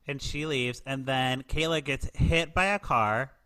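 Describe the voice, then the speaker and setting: A man's voice: mid-range voice, steady tone, moderate pace, few pauses, bright, forceful tone, clear, resonant tone. A man hosting a podcast, recapping a TV movie in casual chat, joking with many filler words. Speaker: podcast host.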